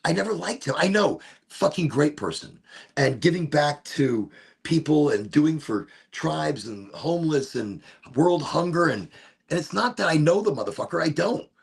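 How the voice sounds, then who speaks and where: A man's voice: on the high side, expressive, moderate pace, creaky, breathy edge. A man hosting a live stream, rambling and swearing in a laid-back chat. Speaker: livestream host.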